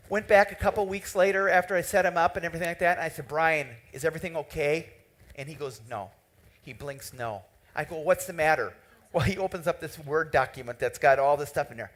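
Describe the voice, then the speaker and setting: A man giving a conference keynote in a hall, telling a story with lively quoted dialogue. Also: fairly high pitch, a little fast. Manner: animated, tells a story and quotes the people in it. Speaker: keynote speaker.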